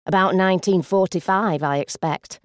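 A woman's voice: lowish voice, normal speed, no room sound, studio quality, lightly acted. A woman voicing a blunt, humorous coworker in her forties who speaks huffily and scornfully. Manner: huffy, scornful.

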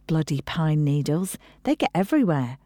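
A woman's voice: low voice, very animated, normal speed, mellow, no echo. A woman reading an audiobook voices a woman hosting Christmas dinner, wry and bossy, close to her own voice.

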